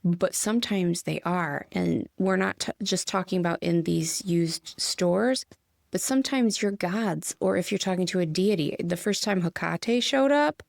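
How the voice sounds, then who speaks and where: A woman's voice: on the low side, a little slow, gravelly, no room sound, clean studio sound. A middle-aged woman, co-hosting a spiritual podcast and telling stories in a chatty way with easy laughter. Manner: chatty storyteller, laughs easily. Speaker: podcast co-host. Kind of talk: casual spiritual chat.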